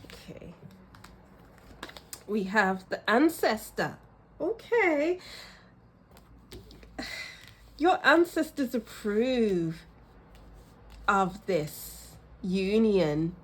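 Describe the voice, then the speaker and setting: Husky and medium-pitched, this tarot reader's animated voice moves very slowly, with frequent pauses. She gives a pick-a-card reading directly to her viewers, pouring out emotion, often laughing and sighing, and sounding warm and reassuring.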